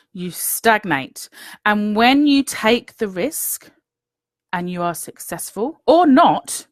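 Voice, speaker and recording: This is a woman who coaches her viewers in a warm-hearted, earnest way, repeating her points and checking in with "okay?". Her voice sits at an ordinary middle pitch, and the recording is close and dry with no room sound. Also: no echo. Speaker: business coach. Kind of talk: motivational talk to viewers.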